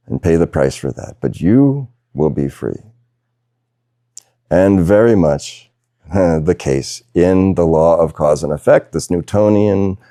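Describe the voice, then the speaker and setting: A man with a deep, gravelly voice leads a satsang as a spiritual teacher. He speaks slowly and thoughtfully, pausing often and laughing softly now and then. His tone is dark and mellow, recorded close and dry. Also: no room sound. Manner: slow, reflective, with soft laughs and pauses. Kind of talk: satsang talk. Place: video call session.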